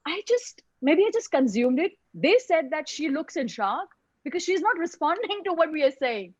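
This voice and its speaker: A woman tells her own story in a web lecture, halting and repeating words as she goes, heard over a video call microphone. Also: sits high, sing-song, a little mellow, no room sound, lo-fi sound.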